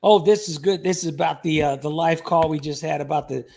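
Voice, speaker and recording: A man with a rather high voice and a gravelly, creaky edge hosts a casual livestream. He rambles from one viewer comment to the next, joking along the way and thanking each person by name. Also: fairly quick, mellow.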